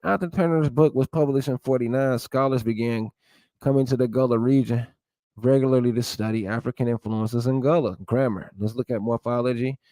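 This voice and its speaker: A man's voice: medium pitch, steady tone, a little fast, mellow, no echo. A man giving casual, blunt commentary while reading a text aloud, with an opinionated tone and the odd swear word. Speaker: vlogger.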